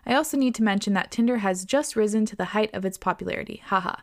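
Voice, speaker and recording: A woman hosting a podcast, reading listener stories aloud in an expressive way, swearing and laughing often. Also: mid-range voice, fast. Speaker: podcast host.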